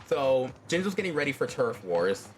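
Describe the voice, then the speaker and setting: A man's voice: mid-range voice, big pitch swings, normal speed, faint music behind. A man casually telling a fan story on a stream, rambling along with many fillers.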